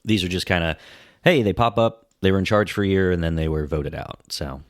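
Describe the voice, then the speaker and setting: A man with a very low voice chatting on a film-history podcast. He muses aloud and keeps things easy with "like" and "you know". The sound is close and dry. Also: fairly quick, no echo. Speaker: podcast co-host. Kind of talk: casual film-history chat.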